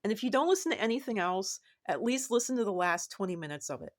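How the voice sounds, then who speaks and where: Woman, casual vlog monologue, rambling, repeats herself, animated lifts in pitch. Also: fast. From United States. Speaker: vlogger.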